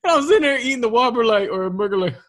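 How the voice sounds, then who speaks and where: A man in casual chat, telling a story with lively quoted voices and frequent laughs. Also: very high-pitched, rapid-fire. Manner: animated storytelling, acts out quotes, laughs often.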